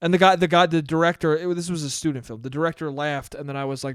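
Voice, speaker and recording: Here a fast-talking man with a smooth, level, somewhat high voice records in a clean studio with no echo. He's a US podcast host in his twenties doing a casual solo show, rambling, using profanity, and chuckling at his own jokes.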